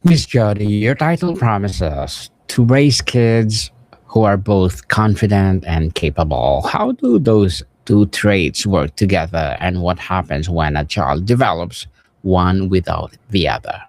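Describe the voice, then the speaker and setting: Low-voiced guy hosting a podcast, super slow and careful, dry sound. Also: lively intonation, no room sound. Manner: measured, formal. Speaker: podcast host. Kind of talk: interview questions.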